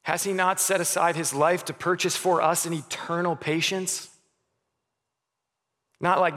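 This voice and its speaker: A man in his thirties preaching a sermon as a pastor. He speaks earnestly, stumbles on restarts, and drops soft and quiet on key words. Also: fairly high pitch, steady tone, a little slow, long pauses. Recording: long reverb of a hall.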